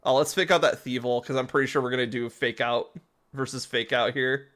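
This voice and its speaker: A man's voice: medium pitch, fairly even intonation, a little fast, fairly bright tone. A man giving casual, rambling commentary while playing a game, often laughing.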